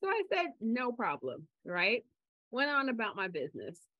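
A woman co-hosting a podcast in casual chat, telling stories in a chatty way and getting animated when she quotes people. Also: a little high, normal speed, no echo. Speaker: podcast co-host. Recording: slightly dull lo-fi audio.

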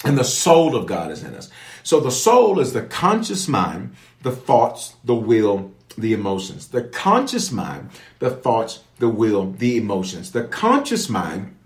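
A man's voice: fairly low pitch, wildly swooping pitch, measured pace. A man preaching to an online audience, repeating key phrases and calling on viewers to respond. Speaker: pastor leading online prayer. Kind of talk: livestream sermon and prayer teaching. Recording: echoey room.

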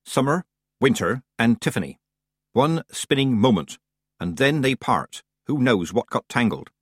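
A man voicing a stern, sharp old woman witch with a dry, firm and clipped manner. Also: medium pitch, animated, measured pace, breathy edge, dry recording. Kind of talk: audiobook character voice.

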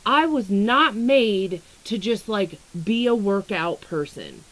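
A young woman who creates astrology content talks casually in a vlog about weight struggles and astrology, rambling candidly, swearing freely and saying "like" and "um" a lot. Her medium-pitched voice is sing-song and slow, and the recording is rough.

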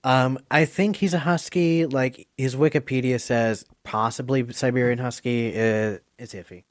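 A man hosting a casual movie quiz podcast, chatty and quick to laugh. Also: medium pitch, steady tone, dry recording, studio quality. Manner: chatty, laughs often, gushing. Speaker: quiz host. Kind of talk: casual podcast game chat.

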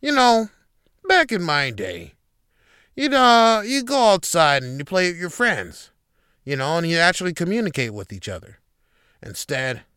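A crotchety old TV commentator grumbles about how things used to be, as a man puts him on. The voice sits a bit high and smooth, recorded close and dry with no room sound. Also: pushed and bright, no echo, heavily acted. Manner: gruff complaining monologue.

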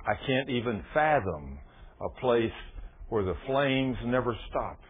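Tinny-sounding preacher with a lively voice. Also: male voice, medium pitch, a little slow, slight background noise. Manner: dramatic storytelling preacher, swings from loud to hushed. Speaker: pastor. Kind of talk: sermon.

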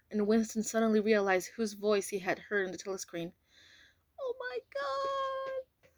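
A woman reads a novel aloud at a careful pace, now and then tripping over a word and correcting herself. Her voice sits in a middle pitch and sounds dry and close to the mic. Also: darkish tone, dry recording. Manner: careful reading with slips and self-corrections. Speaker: reader. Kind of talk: amateur audiobook reading.

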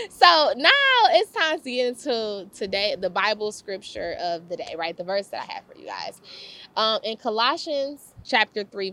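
Lively, slangy young woman giving a faith talk. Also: on the high side. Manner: lively, slangy, laughs often, repeats phrases. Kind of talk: casual devotional talk.

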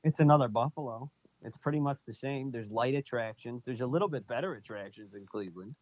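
A man's voice: mid-range voice, quick pace, no echo, narrow, tinny audio. A young man co-hosting a podcast in casual, teasing chat, often slipping into funny voices. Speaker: podcast co-host.

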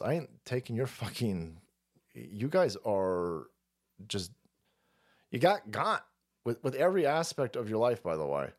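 Profane, animated man ranting on stream. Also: fairly low pitch, normal speed. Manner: profane, mocking, abrasive. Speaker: streamer host. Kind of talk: livestream rant.

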